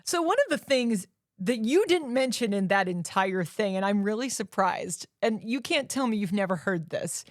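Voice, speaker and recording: A woman co-hosting a podcast, chatting about a film in a lively, emphatic way and laughing often. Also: mid-range voice, no room sound, clean studio sound. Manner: animated, emphatic, quick to laugh. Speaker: podcast co-host. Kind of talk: casual movie chat.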